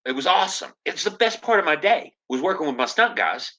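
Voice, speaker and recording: A man who works as an actor, telling stories as a podcast guest in a casual, animated way and acting out the lines of the people he quotes. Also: on the high side, a little fast, slight background noise, poor audio. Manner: animated storyteller, acts out quoted dialogue. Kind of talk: casual storytelling interview.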